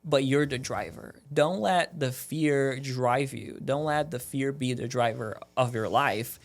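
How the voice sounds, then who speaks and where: A man's voice: mid-range voice, unhurried. A man talking as a guest on a podcast, earnest and motivational, rambling with lots of "like"s. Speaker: guest, esthetician. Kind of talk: casual podcast chat.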